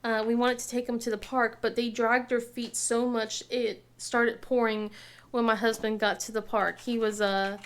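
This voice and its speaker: A chatty woman in her thirties with a slightly high voice tells family stories in a relaxed, casual way. She laughs often and acts out what everyone said. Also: normal speed. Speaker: craft vlogger. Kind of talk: casual chat while crafting.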